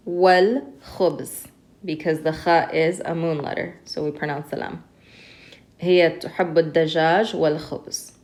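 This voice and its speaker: A woman with a slightly low voice teaching Arabic reading in a recorded lesson. She explains patiently, step by step, and slows down to sound out each word carefully. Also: darkish tone.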